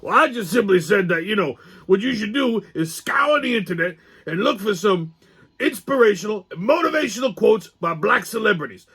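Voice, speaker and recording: A man's voice: high-pitched, animated, moderate pace, gravelly, fairly bright tone, husky, heavily acted. A man putting on a brash old sidekick voice. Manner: brash, profane, cackling. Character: crude boozy old male sidekick.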